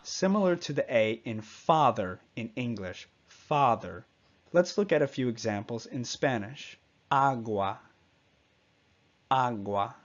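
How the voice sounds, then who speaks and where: A man leads a pronunciation lesson at an unhurried, deliberate pace, patiently saying each example word twice. His voice sits in a middle register. The audio is slightly dull and muffled. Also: mid-range voice, very animated. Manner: patient, repeats example words slowly. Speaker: Spanish teacher. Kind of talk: slow, clear pronunciation lesson.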